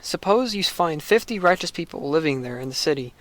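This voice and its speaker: A man's voice: fairly high pitch, expressive, brisk, a bit bright. A man voicing the aged Abraham in a read-aloud scripture story, pleading and bargaining earnestly.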